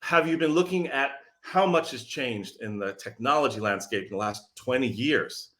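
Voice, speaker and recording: A man speaking from his office as a sales messaging coach, energetic and sarcastic, firing questions at his audience. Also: medium pitch, normal speed. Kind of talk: direct-to-audience pitch.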